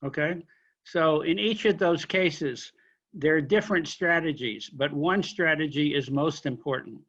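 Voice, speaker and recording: A man lecturing a linguistics class, explaining question forms slowly with examples and apologizing for being unclear. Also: on the high side, a bit bright, highs cut off. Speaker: linguistics instructor.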